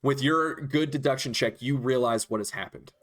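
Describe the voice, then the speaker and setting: Guy running a dnd table, lively, laughing a lot, middle pitch. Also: moderate pace. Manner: animated, laughs often. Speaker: dungeon master. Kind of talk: narrating a tabletop game.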